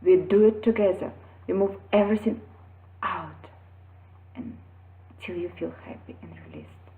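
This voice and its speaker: Woman, mother, earnest advice, slow pace, roomy echo. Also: mid-range voice, background noise. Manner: earnest, emphatic storytelling. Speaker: parent sharing advice. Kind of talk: personal advice vlog. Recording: echoey, phone-like audio.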